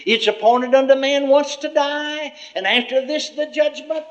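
A man's voice: very high voice, unhurried, fairly bright tone, pitched above the performer's own voice. A man doing a sly coaxing devil. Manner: coaxing, misquoting scripture. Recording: muffled lo-fi recording.

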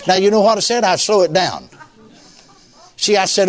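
A man's voice: sits high, brisk, pauses often. An older man, a pastor telling a folksy sermon story, chuckling often and saying "you see.".

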